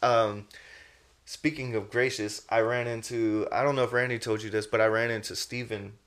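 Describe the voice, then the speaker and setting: A man's voice: on the low side, little pitch movement, normal speed, a bit bright. A man hosting a podcast in casual chat, a laid-back, rambling storyteller who drops slang. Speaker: podcast host.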